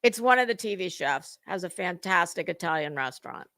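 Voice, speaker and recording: A woman's voice: lowish voice, animated, a little fast, fairly bright tone, dry recording. A woman hosting a casual livestream, greeting viewers in chat and talking in a salty, chatty way with cusswords. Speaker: livestream host.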